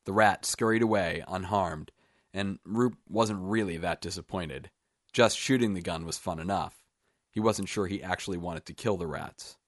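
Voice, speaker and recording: A man reading his own short story aloud in an even, measured storytelling manner. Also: deep voice, dry recording, clean studio sound.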